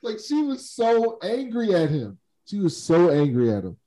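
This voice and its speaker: A man's voice: high-pitched, huge pitch swings, normal speed, noisy background. A man in casual chat, animatedly retelling a TV episode and acting out the characters' lines. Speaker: podcast co-host recapping a TV episode.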